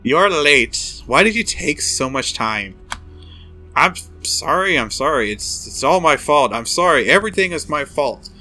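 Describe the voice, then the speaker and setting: A man's voice: fairly high pitch, lively intonation, measured pace, sharp tone, faint music behind, heavily acted. A man voicing a gushing, over-apologetic valley girl young woman.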